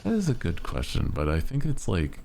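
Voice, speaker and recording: A man's voice: sits low, huge pitch swings, fairly quick, creaky, a little mellow, slight background noise. A man chatting casually on a live stream as its host, with a melodic, lilting delivery that rises at the ends of sentences.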